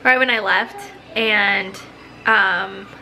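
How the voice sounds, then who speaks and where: A woman's voice: mid-range voice, fairly even intonation, very slow, pushed and bright, rough recording. A woman with a stuffy, congested voice talks to the camera while sick with a fever. She rambles casually, full of likes and restarts, sounding worn out. A faint hum of noise sits behind her. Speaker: vlogger. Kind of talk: casual vlog chat.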